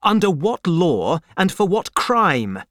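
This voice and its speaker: A man's voice: sits high, expressive, a little slow, fairly bright tone, clear, resonant tone, dry recording, studio quality, voice pushed up. A man voicing stern male French revolutionary officials and patriots in an audiobook, delivering their lines in a harsh, commanding manner.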